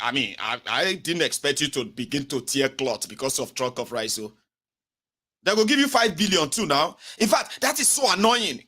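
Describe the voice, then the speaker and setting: A man's voice: fairly high pitch, pushed and bright. A man with a Nigerian accent delivering a sarcastic, mocking political commentary vlog rant. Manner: sarcastic, mocking rant mixing Pidgin and Yoruba.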